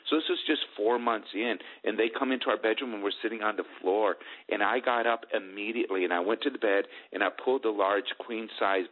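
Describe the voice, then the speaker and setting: A middle-aged man telling a personal family testimony in an earnest, halting way, with many restarts. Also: lowish voice, narrow, tinny audio. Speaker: guest telling his family story.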